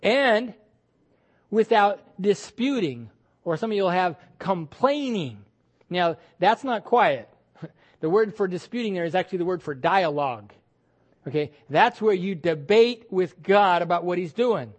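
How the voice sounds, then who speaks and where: A man's voice: sits high, very animated, moderate pace. A male pastor preaching a sermon with emphatic delivery, repeating words and acting out quoted voices.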